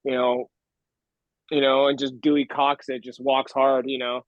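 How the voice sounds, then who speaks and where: A man's voice: mid-range voice, little pitch movement, unhurried, no echo. A man joining a casual review panel with a mid-range voice. He talks hesitantly, piling up fillers. His audio is dull, lo-fi and dry.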